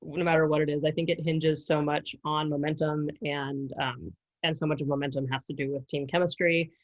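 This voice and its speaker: Lively storytelling woman, lowish voice. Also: a little fast, lo-fi sound. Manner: animated storyteller, laughs often. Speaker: former player, alumna. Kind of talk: casual interview.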